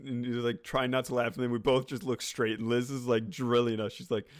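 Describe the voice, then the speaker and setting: A man's voice: medium pitch, level tone, fairly quick, clean tone, no room sound, studio quality. A young man co-hosting a podcast, telling a story in rambling casual chat and laughing as he goes. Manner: rambling, laughs through his story, many restarts. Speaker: podcast co-host.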